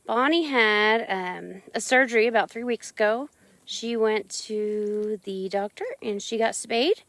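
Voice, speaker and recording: A woman's voice: on the high side, dry recording. A woman chatting casually on a live stream outdoors on her ranch, talking sweetly to her animals.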